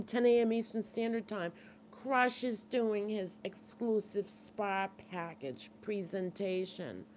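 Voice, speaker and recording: Brief: middle-aged woman, Boston accent, chatty livestream host, earnest and reassuring, a faint hiss behind her. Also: fairly high pitch. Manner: chatty, reads out and answers viewer comments. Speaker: livestream support group host. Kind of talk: casual live-stream chat.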